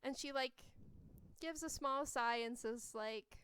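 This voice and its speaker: A woman's voice: high voice, slow, a bit bright, clean tone, no room sound. A woman narrating a tabletop game as game master, meandering with many fillers.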